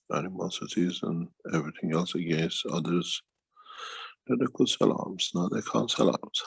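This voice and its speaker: A man speaking as a guest in a casual conversation, slow and rambling, sometimes dropping plural endings. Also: low-pitched, creaky, husky, dry recording, rough recording.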